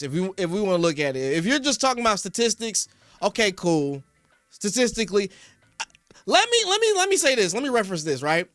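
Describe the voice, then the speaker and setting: Heated, high-voiced Philly sports host. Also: male voice, fairly bright tone, dry recording. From Philadelphia. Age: young adult. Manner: rambling, reads chat names, rises to heated rants. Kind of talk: casual sports talk to live chat. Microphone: studio podcast mic.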